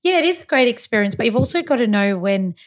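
A woman's voice: on the high side, fast talker. A woman in her thirties, from Malta, telling a personal travel story in casual chat and acting out the voices of the people in it. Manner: animated, acts out quoted voices.

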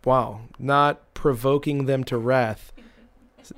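A man's voice: medium pitch, steady tone, slow pace, fairly bright tone. A young man co-hosting a podcast, chatting casually and rambling through stories while laughing often. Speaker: podcast co-host. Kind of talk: casual chat.

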